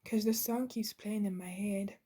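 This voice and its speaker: A woman giving a channeled spiritual card reading in a soft, half-whispered, halting way, with many pauses. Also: medium pitch, steady tone. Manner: soft, gentle, halting with fillers. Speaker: intuitive card reader.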